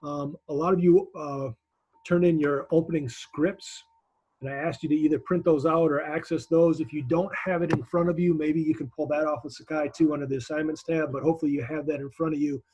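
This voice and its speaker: A man leads a class over a video call, giving direct, encouraging feedback. His voice sits a little high and he restarts phrases often as he talks. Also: fairly even intonation, a little fast, darkish tone, husky. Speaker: instructor.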